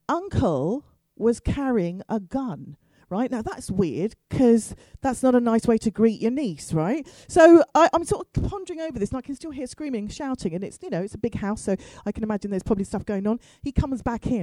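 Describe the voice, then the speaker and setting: A woman's voice: fairly high pitch, very animated, normal speed, few pauses, dark tone, no room sound, poor audio. A middle-aged woman telling a comic story to an audience, chatty and self-mocking with asides to the crowd. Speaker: storyteller on stage.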